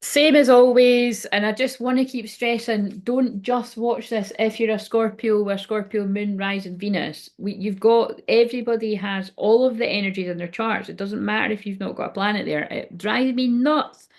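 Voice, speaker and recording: Woman, tarot reader, rambling, chatty, casual swearing, medium pitch. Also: steady tone, moderate pace, hardly any pauses, darkish tone. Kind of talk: casual tarot reading to camera. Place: indoors at home by a window.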